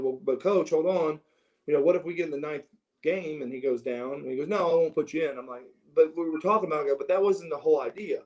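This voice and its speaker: A middle-aged man telling stories from his youth in a casual interview, animated and prone to restarts as he acts out what others said. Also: mid-range voice, rough recording. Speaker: interview guest. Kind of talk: casual storytelling.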